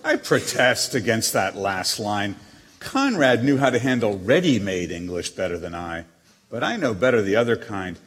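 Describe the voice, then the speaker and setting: An actor reading letters as a proud, witty émigré novelist, with a haughty, dryly teasing manner. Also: male voice, on the low side, very animated, normal speed, fairly bright tone, breathy edge, heavily acted. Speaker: letter reader. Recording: long hall reverb.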